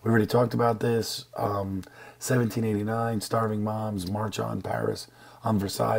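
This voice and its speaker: Laid-back history teacher with a husky, gravelly voice and a joking manner; male. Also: on the low side, little pitch movement, normal speed. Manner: casual and joking, with slang asides. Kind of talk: classroom lecture over slides.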